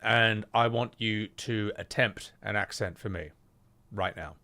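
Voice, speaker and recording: A man streaming live, arguing with an AI chatbot, excitable and quick to shout with laughter and swear. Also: lowish voice, gravelly.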